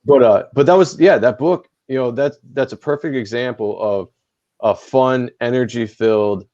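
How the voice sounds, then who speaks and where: A man's voice: medium pitch, moderate pace, mellow, no echo, dull audio. A man co-hosting a podcast in casual chat, talking bluntly and swearing freely. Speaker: podcast co-host.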